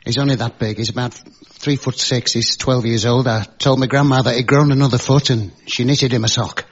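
Man firing off stand-up one-liners. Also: medium pitch. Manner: storytelling gag delivery. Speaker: comedy panel contestant. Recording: muffled recording with faint noise.

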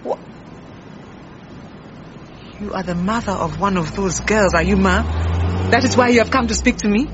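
An actress playing a proud, defensive head cook who talks brusquely. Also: female voice, mid-range voice, normal speed, long pauses, natural voice. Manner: brusque, indignant. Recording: muffled with faint hiss.

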